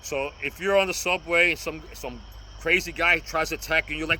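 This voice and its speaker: A man's voice: on the high side, normal speed, pushed and bright, slight background noise, poor audio. A man in his sixties from New York, vlogging outdoors about cane self-defense in an earnest, repetitive, pleading way. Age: 60s. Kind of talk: casual outdoor vlog.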